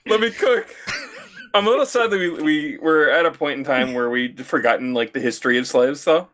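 A man co-hosting a casual podcast who talks haltingly, repeats words and swears casually. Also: medium pitch, a bit bright, slight background noise. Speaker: podcast co-host. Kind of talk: casual gaming podcast chat.

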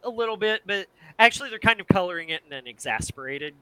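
Bright, blunt podcast guy. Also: high voice, lively intonation, fast talker, clean tone, rough recording. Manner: blunt, swearing, hedging asides. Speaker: podcast co-host. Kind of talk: casual chat.

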